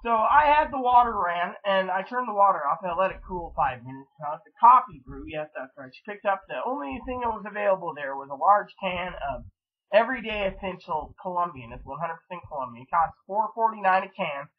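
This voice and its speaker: Vlog host, male, high husky voice, rambling and fed up, lo-fi recording. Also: animated, fairly quick. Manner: rambling, frustrated, swears freely. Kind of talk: casual rambling chat.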